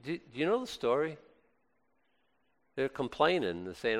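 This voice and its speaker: Brief: conversational male preacher, lively pitch, mid-range voice, reverberant hall. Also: unhurried. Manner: animated, conversational, with exclamations and restarts. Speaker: pastor. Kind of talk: sermon.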